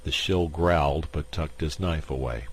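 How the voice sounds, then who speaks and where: A man reading a science fiction short story aloud in a measured narration. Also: rumbling low. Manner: slow, measured.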